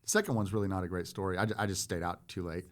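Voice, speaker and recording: A man in his forties, a former Marine guest on a podcast, telling stories in a self-deprecating, halting way with lots of fillers. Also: deep voice, steady tone. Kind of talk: casual storytelling chat.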